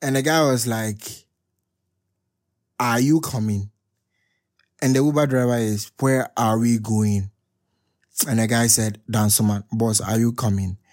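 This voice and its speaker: A young man hosting a podcast, reading text messages aloud in casual commentary and often breaking into loud, high laughter. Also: fairly even intonation, unhurried, pauses often. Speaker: podcast host.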